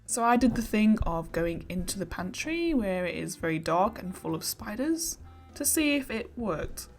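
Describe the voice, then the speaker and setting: A woman narrating her own crafting vlog in a casual, self-mocking way. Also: mid-range voice. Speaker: crafting vlogger.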